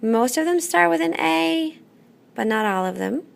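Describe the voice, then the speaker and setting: A woman teaching a classroom lesson, patient and methodical, often pausing to check in. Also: sits high, lively intonation, gravelly. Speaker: Spanish teacher.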